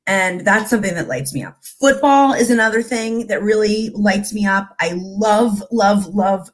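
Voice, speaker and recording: A woman, chatting as a guest over a video call, animated and quick to restart her sentences. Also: mid-range voice. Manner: animated, quick bursts of enthusiasm, frequent restarts. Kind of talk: casual interview chat.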